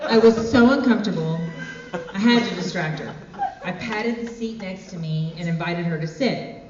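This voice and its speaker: A woman telling a comic personal story on stage with deadpan, wry asides. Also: mid-range voice, a little hiss or hum. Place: stage in a hall. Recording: echoey hall, far from mic, dull.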